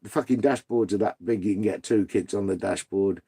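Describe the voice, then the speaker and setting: A man's voice: on the low side, a little fast, gravelly, mellow, slightly rough. A British man hosting a live stream, chatting casually with viewers and reading out their comments in a blunt, sweary, ranting way.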